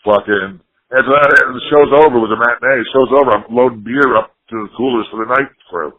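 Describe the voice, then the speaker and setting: A man's voice: mid-range voice, fast talker. A man from New Jersey, a punk band member, telling rambling, profane stories in a casual interview. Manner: profane, rambling storyteller, quotes people. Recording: tinny phone line.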